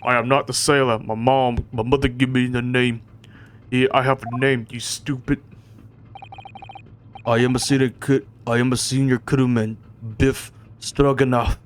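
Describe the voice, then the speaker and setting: A man voicing a huge, gruff male sailor with a clumsy put-on Russian accent and blunt threats. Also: medium pitch, flat delivery, a little slow, slight background noise, lightly acted.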